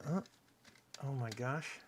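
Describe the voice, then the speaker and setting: A man's voice: mid-range voice, slow pace, background noise. A man casually chatting on a live stream while taking apart hardware, rambling and self-mocking and muttering as he works. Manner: murmurs to himself while working.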